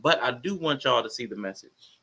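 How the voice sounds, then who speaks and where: A man's voice: mid-range voice, moderate pace, husky. A man hosting a casual reaction commentary stream, talking loosely to his viewers and chat. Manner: relaxed, conversational, addresses viewers as y'all. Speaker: commentary channel host.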